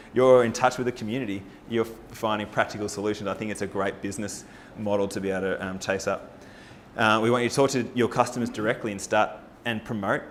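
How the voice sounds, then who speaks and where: Male presenter, low register, upbeat persuasive forum pitch. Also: a little hiss or hum. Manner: energetic, rallying, with rhetorical questions to the audience. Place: live talk at a farming forum.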